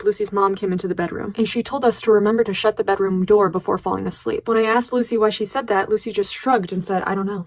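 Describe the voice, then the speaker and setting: A woman narrating a follower's submitted story in the first person, in a quick, matter-of-fact way. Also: medium pitch, no echo. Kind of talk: reading submitted stories aloud.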